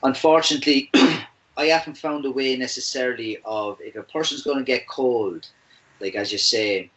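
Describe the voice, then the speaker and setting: A man's voice: mid-range voice, moderate pace, fairly bright tone, rough recording. A man with an Irish accent co-hosting a podcast, talking casually with lots of fillers and jokes. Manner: joking, easygoing, many fillers. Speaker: podcast co-host. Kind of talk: casual chat.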